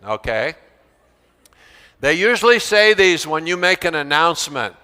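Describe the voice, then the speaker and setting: A man tells classroom stories to an audience of teachers with a bright, forceful voice that rings clear and smooth. His delivery is animated, and he slips into whiny student impressions now and then. The sound carries a long reverb, as if he were speaking in a hall. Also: a little high, unhurried. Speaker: teacher giving a talk to teachers. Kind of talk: storytelling talk with acted-out student voices.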